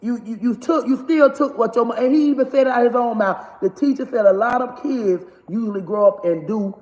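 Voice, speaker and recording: A blunt, cussing comedian and mother in her forties gives a candid monologue to camera, laughing while she scolds. Her voice is a little high, fairly quick and a little mellow. The room is echoey with long reverb.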